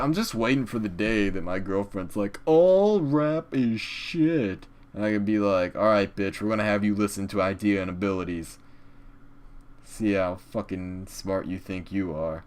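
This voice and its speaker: A young man hosting a comedic vlog in character, rambling crudely with sudden loud outbursts. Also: fairly low pitch, steady tone, moderate pace, slight background noise.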